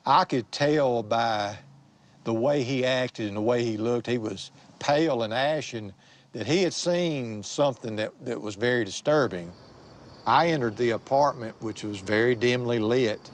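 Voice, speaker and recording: A man, a police detective, recounting a crime scene in a measured, clinical interview manner. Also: fairly low pitch, slight background noise. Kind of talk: interview recollection. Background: music.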